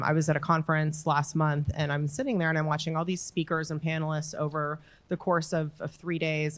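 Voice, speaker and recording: A woman panelist giving earnest, emphatic motivational advice in a panel discussion. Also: deep voice. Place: conference room with audience.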